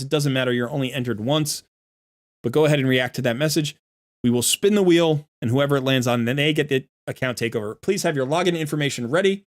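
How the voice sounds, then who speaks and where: Guy live streaming a game, blunt and punchy, says stuff twice, kinda irritated sounding, mid pitch. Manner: blunt, emphatic, repeats phrases; sounds irritated while sorting gear. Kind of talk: casual livestream commentary.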